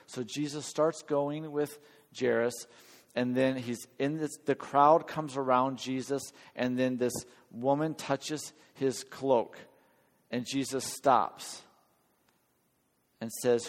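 Recorded with long reverb in a church hall, a man with a mid-range voice preaches at a measured pace. His sermon is earnest and conversational, and he often asks the audience questions.

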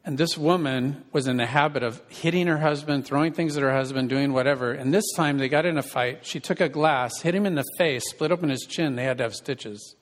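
A man's voice: on the high side, fairly quick, hardly any pauses. A man preaching a sermon as pastor and counselor, conversational and asking the congregation questions. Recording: reverberant hall.

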